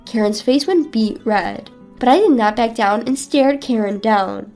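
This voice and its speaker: A woman's voice: on the high side, animated, unhurried, few pauses, darkish tone, faint music behind. A woman narrating a first-person family drama story in an earnest, resolute way.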